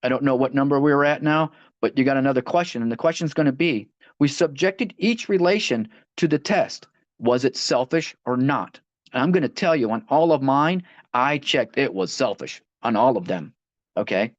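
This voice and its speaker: A man's voice: mid-range voice, animated, normal speed, dry recording. Guy leading a recovery book study, casual and repeaty, muffled dry audio. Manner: conversational, repeats and restarts phrases.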